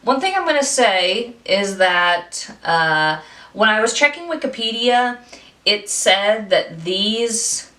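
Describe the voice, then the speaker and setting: Profane, animated young woman in echoey room. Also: mid-range voice. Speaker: podcast co-host. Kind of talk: casual movie review chat.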